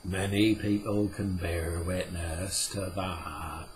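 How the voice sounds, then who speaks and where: A man voicing an ancient male earth spirit who speaks slowly and gravely in a storybook reading. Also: sits low, steady tone, a little hiss or hum. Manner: slow, grave, measured.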